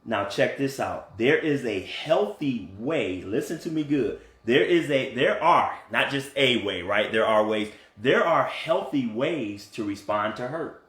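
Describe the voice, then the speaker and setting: A man coaching couples in casual talk, earnest and animated, often checking in with "right?". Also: mid-range voice, measured pace, few pauses. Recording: echoey room.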